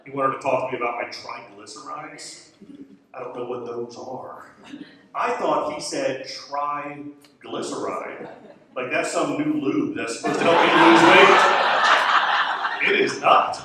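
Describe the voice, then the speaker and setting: A Florida man does a wry, conversational, self-deprecating stand-up set on stage, his medium-pitched voice steady, a little slow, pushed, and bright. The club sounds echoey and distant, with a little hiss or hum, and audience laughter in the background.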